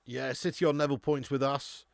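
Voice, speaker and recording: Gravelly-voiced English man hosting a watch-along. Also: medium pitch, fairly even intonation, normal speed, no echo. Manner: casual banter reading chat comments; laughs often, calls people mate. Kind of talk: live football watch-along chat.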